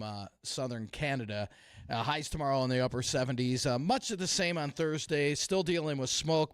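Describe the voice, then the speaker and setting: Man giving a relaxed weather forecast. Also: mid-range voice, no echo, studio quality. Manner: relaxed, many "uh" fillers. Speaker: meteorologist and co-host. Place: broadcast studio.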